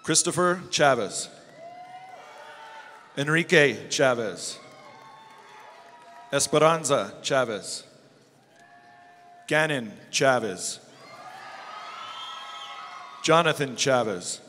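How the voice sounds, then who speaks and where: A man calling out graduates' names at a graduation ceremony in a slow, steady way. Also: mid-range voice. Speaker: name reader at a graduation. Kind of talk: reading out names. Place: large hall at a school graduation. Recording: echoey hall with crowd noise.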